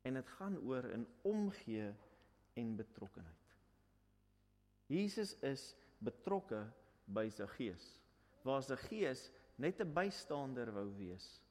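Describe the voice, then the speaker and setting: A man delivers a sermon in a storytelling way, stopping to put questions to his listeners. His voice sits a little high and moves around a lot. The sound carries the long reverb of a large hall. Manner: storytelling, asks questions, repeats points in two languages. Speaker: preacher. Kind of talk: bilingual sermon.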